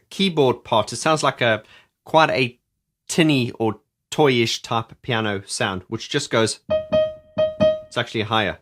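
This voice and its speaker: A man's voice: medium pitch, normal speed, over music. A man reviewing and explaining an album's keyboard parts, talking casually and enthusiastically with many restarts. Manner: enthusiastic, rambling with restarts, sings along. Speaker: music reviewer.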